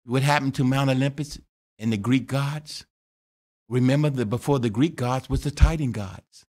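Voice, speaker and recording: A man preaching a sermon in a lively, joking way, with quick asides and calls to the congregation. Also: mid-range voice. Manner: lively preaching with jokes and laughter. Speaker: pastor.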